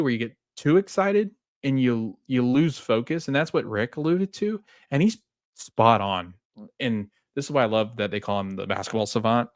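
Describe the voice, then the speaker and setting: A man's voice: medium pitch, no room sound, studio quality. A man hosting a sports fan show, talking casually and rambling through a game recap with many restarts. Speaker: podcast host.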